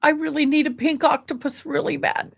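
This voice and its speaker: A woman's voice: high-pitched, steady tone, brisk, gravelly, soft background music. A woman chatting casually and affectionately as she hosts a live stream fundraiser, gushing over details while showing a game.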